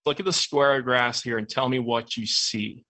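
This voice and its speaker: A man's voice: mid-range voice, moderate pace, bright, forceful tone, natural voice. Earnest male mentor in a spoken anecdote, pressing questions, as a man puts him on. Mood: insistent.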